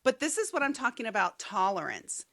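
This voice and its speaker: A woman co-hosting a podcast in casual chat, telling playful, animated stories. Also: on the high side, a little fast, no room sound, clean studio sound. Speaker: podcast co-host.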